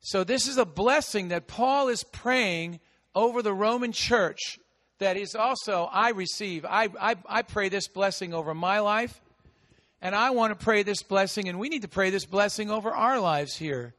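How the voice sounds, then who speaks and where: A man preaching a sermon as pastor, with a big voice that swings from shouting to hushed asides. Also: sits high, normal speed, in a large hall. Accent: American. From United States.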